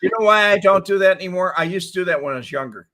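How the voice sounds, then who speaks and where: An older man hosting a casual talk show, telling animated stories and laughing often as he acts out quotes. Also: high voice, rapid-fire. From Chicago area. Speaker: show host. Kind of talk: casual storytelling chat.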